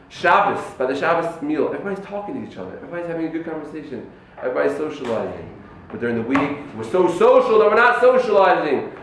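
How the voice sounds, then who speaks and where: A man delivers a brisk, animated talk to a yeshiva audience, slipping into the voices of the people in his stories. His voice sits a little high for a man. The recording is roomy and distant, with a faint hiss in the background. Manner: animated storyteller acting out quoted people. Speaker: yeshiva rabbi giving a talk to students. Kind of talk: lively sermon with told stories. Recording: echoey room, mic far off, faint noise.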